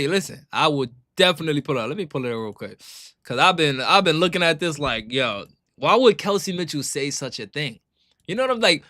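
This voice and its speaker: A young man talks fast and loose to his stream chat, his voice pitched a touch high and strikingly bright, in a dry, close sound. He circles back on his points and keeps asking if you follow him. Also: no echo. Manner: animated, repetitive, keeps saying "you know what I'm saying". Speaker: streamer reacting to sports clips. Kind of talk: casual live-stream commentary.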